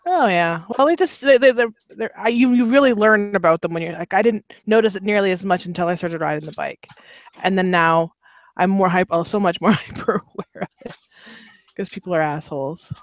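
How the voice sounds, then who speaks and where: A woman's voice: mid-range voice, brisk, no echo. Candid woman, dry close sound. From Canada. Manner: candid, restarts often, laughs while telling stories. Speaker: podcast co-host, motorcycle rider. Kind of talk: casual chat.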